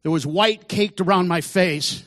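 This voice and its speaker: A man's voice: high voice, a little slow, a bit bright, no echo, studio quality, in a large hall. A man telling his recovery testimony in an earnest storytelling way, sermon style. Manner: earnest storytelling, acts out quoted voices. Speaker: testimony speaker.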